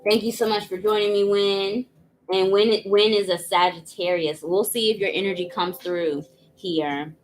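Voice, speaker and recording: A woman's voice: mid-range voice, steady tone, moderate pace, slight background noise, poor audio. A woman hosting a live tarot reading stream, greeting and thanking viewers by name in a chatty way, with frequent "um"s. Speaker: tarot reader hosting a livestream.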